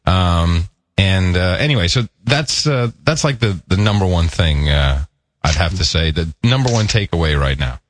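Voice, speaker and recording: A man from the United States co-hosting a casual chat, joking and animated, over an internet call. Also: sits low, moderate pace, no echo. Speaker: podcast co-host.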